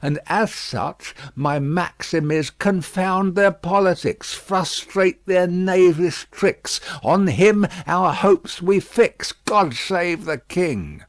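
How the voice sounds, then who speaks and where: A man's voice: sits high, slow pace, hardly any pauses, no room sound, pitched above the performer's own voice. A man reading an audiobook voices a fussy, emphatic, loyal Englishwoman servant in a raised voice. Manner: emphatic, bustling.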